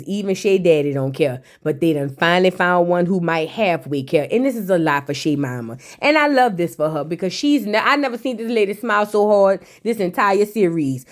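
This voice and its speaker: A woman giving a blunt, sassy, casual recap of a reality TV episode, throwing in mocking asides and slang. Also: lowish voice.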